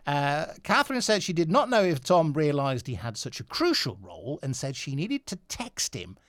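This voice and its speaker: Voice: medium pitch, big pitch swings, normal speed, a bit bright, no echo, clean studio sound. A radio host chatting casually on air, laughing often and restarting sentences.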